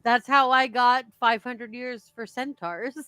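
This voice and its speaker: A woman talking casually as a player after a tabletop campaign, quick with quips. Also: a little high, steady tone, sharp tone, smooth, no echo, faint music behind. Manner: quick quips, laughs often.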